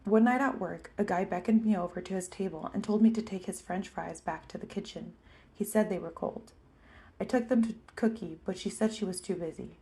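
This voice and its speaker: Soft-spoken woman reading an audiobook. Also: medium pitch, fairly quick. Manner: quiet and soft in narration, louder and sharper in dialogue. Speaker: audiobook reader. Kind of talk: amateur audiobook narration.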